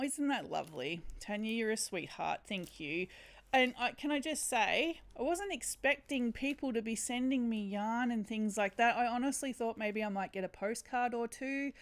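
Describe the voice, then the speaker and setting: A woman hosting a crochet livestream, chatting casually and giggling often as she opens a parcel. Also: mid-range voice. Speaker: crochet channel host. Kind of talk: casual livestream chat, unboxing. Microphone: home streaming setup.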